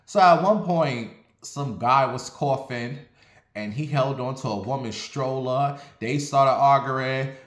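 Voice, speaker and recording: A man from Ohio telling a casual story in an animated, profane, dramatic way. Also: mid-range voice, takes it slowly. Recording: roomy echo.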